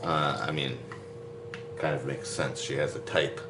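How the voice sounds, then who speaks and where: A man's voice: a bass voice, fairly even intonation, measured pace, very noisy. A man hosting a podcast, chatting casually in a goofy, joking way. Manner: goofy, joking, sing-song bits. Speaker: podcast host. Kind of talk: casual comedic chat.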